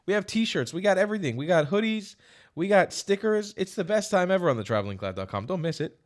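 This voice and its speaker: A man hosting a reaction vlog, talking bluntly with lots of swearing and emphasis, swinging from loud outbursts to quiet asides. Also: sits high, very animated, fast talker. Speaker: reaction video host. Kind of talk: casual opinionated commentary. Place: lives in Israel.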